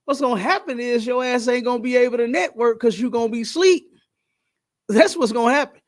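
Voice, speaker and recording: A man's voice: very high voice, a little fast. A man hosting a podcast in casual chat, talking in an emphatic, preachy way and repeating his points. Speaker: podcast host.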